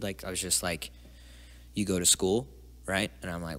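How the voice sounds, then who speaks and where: A young man, a podcast guest, telling a personal story in a rambling, profane way and dropping into hushed asides. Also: deep voice, level tone, normal speed. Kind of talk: casual storytelling interview.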